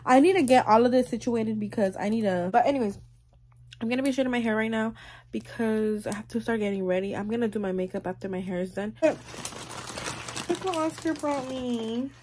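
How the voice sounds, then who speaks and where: A woman's voice: a little high, fairly even intonation, fast. Chatty young woman vlogging, noisy sound. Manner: chatty, fillers like "like" and "um". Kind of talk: casual vlog chat. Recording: noisy background.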